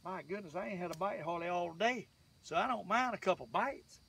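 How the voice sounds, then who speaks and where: A man's voice: sits high, expressive, fairly quick, vocal fry, bright, forceful tone, a little hiss or hum. An older man with a Southern US accent, chatting in a folksy, rambling way to viewers while fishing from a boat on a lake. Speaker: fishing vlogger. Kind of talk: casual fishing vlog talk. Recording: distant mic, faint outdoor ambience.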